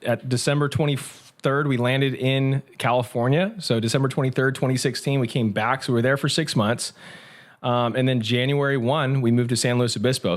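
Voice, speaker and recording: A man who is a pastor, telling his story in an energetic, conversational interview. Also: mid-range voice. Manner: energetic, quick, with restarts. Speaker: pastor and guest.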